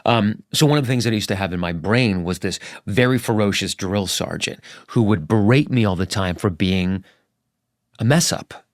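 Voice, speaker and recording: A man's voice: on the low side, moderate pace, no room sound, clean studio sound. A middle-aged man, a journalist guest in an interview, talking candidly and earnestly, acting out his anecdotes with animation.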